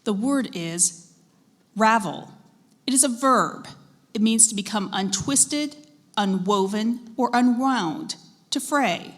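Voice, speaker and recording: A woman with a slightly raised pitch announces contestants and words at a school spelling bee. She reads each definition slowly and deliberately, in a formal competition style. Her prompts to the young spellers stay patient and courteous. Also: animated. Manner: measured, deliberate reading of words and dictionary definitions. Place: school event hall.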